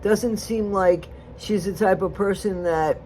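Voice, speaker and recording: A gossip vlogger commenting casually on a reality show, blunt and rambling, jumping between loud outbursts and muttered asides. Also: mid-range voice, a little slow, background noise.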